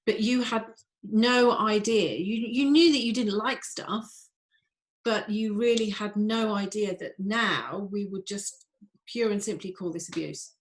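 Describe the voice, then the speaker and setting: A woman's voice: mid-range voice, a little slow. A woman hosting a podcast, asking probing follow-up questions. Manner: probing, prompting, sympathetic follow-ups. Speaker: podcast host. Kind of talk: interview questions.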